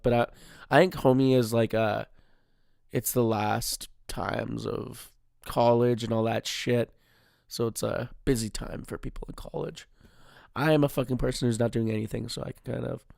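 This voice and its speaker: A man's voice: mid-range voice, gravelly, a little mellow, no echo, clean studio sound. A young man hosting his solo podcast, rambling, swearing constantly and poking fun at himself. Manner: rambling, heavy swearing, self-deprecating. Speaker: podcast host. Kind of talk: casual solo podcast chat.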